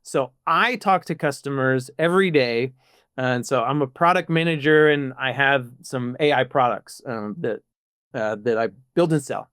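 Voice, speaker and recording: A man guesting on a podcast as a product manager talks through ideas. His mid-range voice jumps up for emphasis in quick bursts. The sound is dry and close. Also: mid-range voice, fairly bright tone, clear, resonant tone, dry recording. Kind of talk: casual podcast chat.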